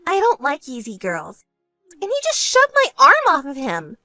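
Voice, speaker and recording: A woman voicing a vain, self-centered young woman who talks in a smug, whiny way and turns shrill when angry, in an animated story. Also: moderate pace, dry recording, soft background music, heavily acted. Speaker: bride-to-be sister.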